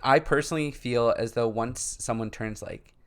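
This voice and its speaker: A young man co-hosts a podcast in easy, rambling chat. His voice sits at a middle pitch. He uses plenty of fillers and often breaks into laughter. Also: moderate pace, smooth. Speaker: podcast co-host. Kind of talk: casual chat.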